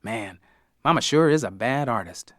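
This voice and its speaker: A man narrating an audiobook with lively, animated pitch and a wry, expressive touch. His voice sits at a middle pitch, recorded close and dry. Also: normal speed, dry recording. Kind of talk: first-person audiobook narration.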